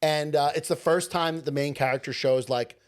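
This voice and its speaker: A man's voice: fairly high pitch, fairly even intonation, brisk, smooth. A young man co-hosting a podcast in casual chat, teasing his co-host with dry humor.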